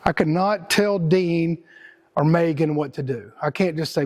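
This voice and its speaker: Speaking as host at a moderate pace, this middle-aged Texan man rambles through a casual motivational talk full of slang and repeated words. His voice is on the high side and a little mellow.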